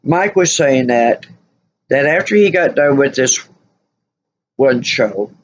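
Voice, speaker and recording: A woman's voice: extremely low pitch, expressive, slow, muffled recording, slight background noise. A woman vlogger telling a story casually, rambling and full of "you know" fillers.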